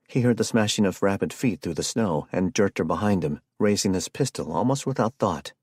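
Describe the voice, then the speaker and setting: Narrador de voz grave y ronca. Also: male voice, sits low, animated, a little fast, few pauses, darkish tone, breathy edge, dry recording, clean studio sound. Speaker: audiobook narrator. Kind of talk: scripted narration.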